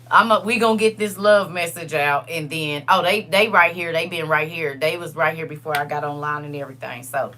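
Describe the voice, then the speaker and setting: A woman with a notably low voice hosts a casual livestream, talking straight to her viewers. She slows down and reads scripture deliberately, over a faint hum in the background. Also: sharp tone. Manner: reads verses slowly and deliberately; chatty, addresses viewers directly. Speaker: livestream host.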